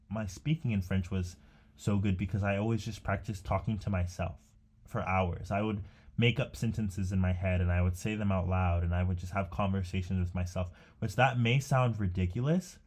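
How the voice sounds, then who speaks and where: A man's voice: fairly low pitch, fairly even intonation, moderate pace. A young man rambling casually to himself while painting, chatty and meandering with many fillers and restarts. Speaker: art vlogger.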